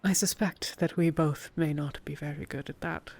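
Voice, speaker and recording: A woman voicing a formal, reserved woman warrior in a tabletop role-play, with a deeper voice and measured, old-fashioned phrasing. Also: fairly even intonation, a little mellow. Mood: dry.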